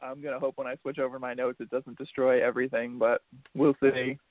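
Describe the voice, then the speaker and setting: A man's voice: mid-range voice, little pitch movement, brisk, no room sound. A man hosting a casual sports talk show, joking and poking fun at himself. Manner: joking, self-mocking. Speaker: podcast host. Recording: dry tinny phone-like line.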